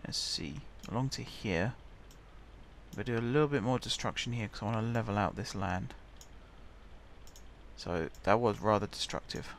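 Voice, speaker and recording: A man's voice: lowish voice, moderate pace, pauses often, slight background noise. A man chatting casually as he plays a building game, muttering to himself while he builds. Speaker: gaming channel host.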